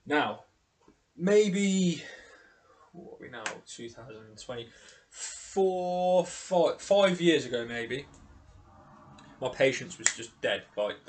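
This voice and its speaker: Frank man hosting a podcast. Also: medium pitch. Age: adult with children. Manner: frank, candid and self-deprecating, with casual swearing. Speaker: podcast host. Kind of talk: casual solo podcast talk.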